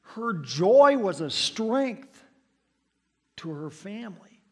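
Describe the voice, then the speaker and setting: Husky-voiced preacher, loud then hushed. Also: male voice, sits high, very animated, takes it slowly. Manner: storytelling with sudden loud and hushed swings. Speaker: pastor. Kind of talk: sermon.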